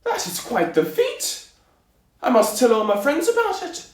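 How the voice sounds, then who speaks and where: A man voicing a vain, excitable little tailor in a high, strange put-on accent, for a storybook reading. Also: measured pace, heavily acted. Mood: self-satisfied. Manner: squeaky, exclaiming, self-satisfied. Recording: echoey room.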